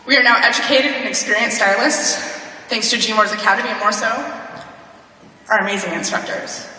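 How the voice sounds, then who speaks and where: A woman's voice: medium pitch, slight background noise. A young woman giving a heartfelt graduation speech and fighting back tears. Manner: tearful, warm, fighting back tears with nervous laughs. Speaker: graduation speaker. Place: large hall. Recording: echoey hall, heard from far off.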